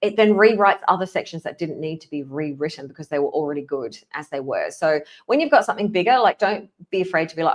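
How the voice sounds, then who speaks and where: A woman with an Australian accent talks through her work habits in a relaxed solo podcast. Her voice sits a little low, and she keeps it chatty, laughing easily and slipping into exaggerated impressions of replies. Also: fast, hardly any pauses. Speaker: podcast host. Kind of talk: casual solo podcast talk.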